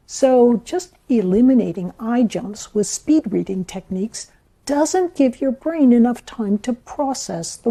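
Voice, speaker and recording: A woman giving scripted educational narration in a measured, explanatory way. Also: fairly high pitch, dark tone.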